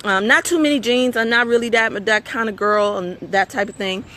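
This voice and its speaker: Middle-aged woman, host of a live motivational stream; bright tone, conversational and sermon-like, checks in with the audience. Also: a little high, normal speed, a little hiss or hum. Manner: conversational, preachy, asks audience for agreement.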